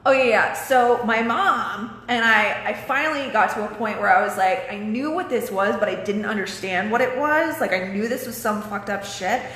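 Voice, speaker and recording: A woman's voice: mid-range voice, normal speed, few pauses, fairly bright tone, reverberant, big-room sound, a little hiss or hum. A young woman vlogging a candid personal story, swearing often and losing her train of thought now and then.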